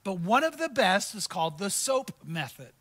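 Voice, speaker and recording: A man's voice: high voice, big pitch swings, moderate pace, fairly bright tone. A male pastor preaching a sermon, reading verses aloud and teaching through personal stories in a conversational way.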